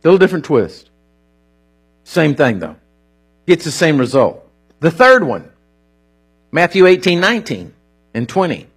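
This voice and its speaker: Male preacher, lively swooping delivery, slightly raised pitch, husky tone, conversational sermon. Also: measured pace, long pauses. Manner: animated, conversational preaching with acted-out quotes.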